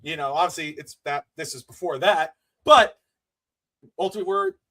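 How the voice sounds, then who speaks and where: Excitable high-voiced man recapping wrestling. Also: moderate pace, creaky. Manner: excitable, swears, laughs often, acts out moments. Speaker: podcast co-host. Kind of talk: casual wrestling podcast chat.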